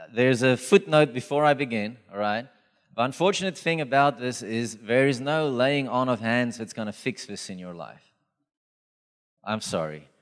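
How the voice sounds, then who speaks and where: A man preaching a sermon as pastor, in a conversational, animated storytelling manner with acted quotes. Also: mid-range voice. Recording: reverberant hall.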